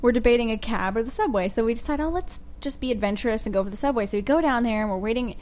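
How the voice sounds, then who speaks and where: Animated woman telling a travel story. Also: a little high, rapid-fire. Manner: animated storyteller, laughs often. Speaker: podcast co-host. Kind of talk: casual chat.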